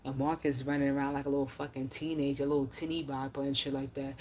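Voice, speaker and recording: Low-voiced woman ranting on a livestream, cussing a lot, faint hiss behind her. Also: fairly even intonation, fast, hardly any pauses, a little mellow. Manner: blunt, profane, exasperated; reads chat comments aloud. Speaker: livestream commentator.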